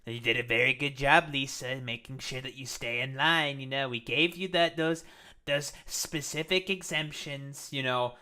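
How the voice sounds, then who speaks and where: A man's voice: medium pitch, moderate pace, pushed and bright, clear, resonant tone. A man giving heated, profane live-stream commentary on politics, often restarting his sentences.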